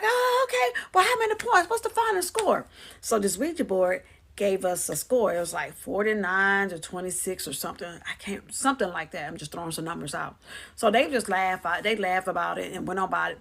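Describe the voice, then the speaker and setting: Chatty woman with a gravelly edge. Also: medium pitch, a bit bright. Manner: chatty, slangy, acts out family members' lines. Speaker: vlogger. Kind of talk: casual storytelling to camera.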